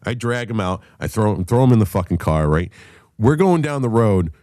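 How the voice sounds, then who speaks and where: Brief: man, low-ish voice, foul-mouthed animated storyteller, dry close mic. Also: fairly quick, no room sound. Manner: profane, animated storyteller who shouts when quoting others. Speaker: podcast host. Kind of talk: casual storytelling chat.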